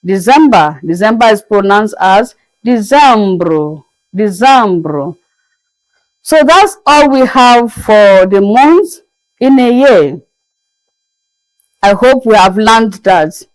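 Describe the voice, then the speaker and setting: A woman's voice: a little high, expressive, slow pace, dry recording, rough recording. A woman teaching French as a lesson to her channel, who spells the words out and repeats each one patiently. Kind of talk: slow, patient classroom lesson.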